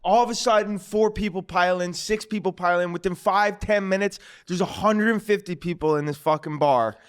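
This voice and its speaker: A man, a guest comedian, telling stories in a casual, animated and profane way on a podcast. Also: high-pitched, brisk, smooth. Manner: animated, profane storyteller acting out quotes. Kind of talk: casual storytelling. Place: podcast studio.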